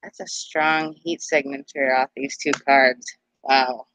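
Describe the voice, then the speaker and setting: A woman's voice: rumbling low, steady tone, takes it slowly, fairly bright tone, slight background noise. A woman hosting a casual chat while giving card readings, rambling and laughing often. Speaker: host.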